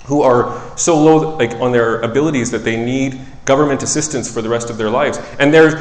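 A man preaching a sermon in a relaxed, conversational way, who often corrects himself and tells stories from his work as a child psychologist. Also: mid-range voice, a little fast. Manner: conversational, self-correcting, animated storytelling. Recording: echoey hall with long reverb.

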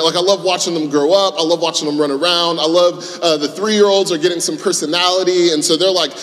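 A man, preaching a sermon in a conversational, self-deprecating way, moving from hushed prayer to loud animated storytelling. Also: fairly high pitch. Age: 30s. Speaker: pastor. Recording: echoey hall with long reverb.

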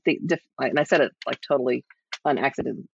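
An American man being interviewed, talking casually and lively, often restarting his sentences. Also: medium pitch, quick pace, vocal fry, slightly rough, dry recording. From United States. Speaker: guest. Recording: slightly dull lo-fi sound.

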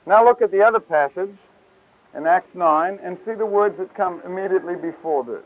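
High-voiced preacher on old tape. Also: male voice, fairly quick, no echo. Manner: lively, casual, acts out scripture voices. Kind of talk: Bible teaching talk. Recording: tinny, lo-fi 1970s tape.

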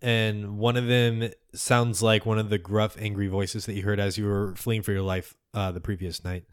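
A man runs a tabletop game, describing the scene in a halting, descriptive way. His voice sits fairly low and sounds close and dry. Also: level tone, clear, resonant tone, no echo. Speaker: game master.

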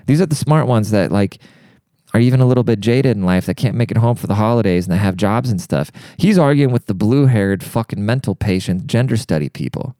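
A man's voice: on the low side, fairly quick, mellow, dry recording, clean studio sound. A young man telling a crude, rambling comedic rant, heavy on swearing and fired up. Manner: profane, rambling, fired-up, says dude a lot. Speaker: monologue speaker.

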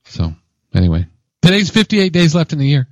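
Animated joking man on a podcast. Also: fairly high pitch, fairly quick, no echo. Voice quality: lively, joking storyteller who acts out quotes. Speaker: podcast co-host. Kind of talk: casual chat.

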